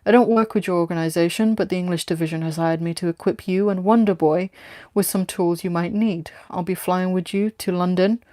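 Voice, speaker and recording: A woman's voice: lowish voice, fairly even intonation, a little fast, dark tone, no echo, studio quality, lightly acted. A woman voicing a brash, taunting female hired tough from London in a read-aloud story. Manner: taunting, blunt.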